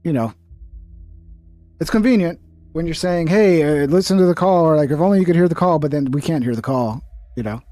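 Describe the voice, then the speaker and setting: A man's voice: a little high, a little fast, long pauses, dark tone, dry recording. A young man giving casual, skeptical reaction commentary and swearing freely. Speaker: commentary streamer.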